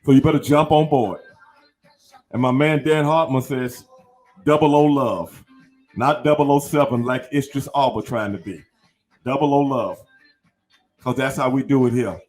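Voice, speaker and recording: A man's voice: medium pitch, normal speed, long pauses, darkish tone, faint music behind. Emphatic, slangy male podcast host. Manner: emphatic, repetitive, slangy hype talk. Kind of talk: casual interview chat.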